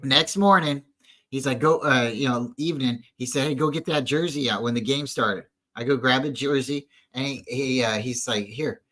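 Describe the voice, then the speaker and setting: A man's voice: medium pitch, moderate pace, sharp tone, low-quality recording. A man co-hosting a casual sports fan show, telling a long family story with a lot of restarts and asides. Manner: rambling storyteller with many restarts. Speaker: podcast co-host. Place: at home.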